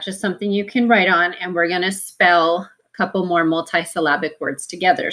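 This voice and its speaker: A woman teacher giving a spelling lesson to young students, slow and patient, sounding out each syllable and letter. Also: medium pitch, a bit bright.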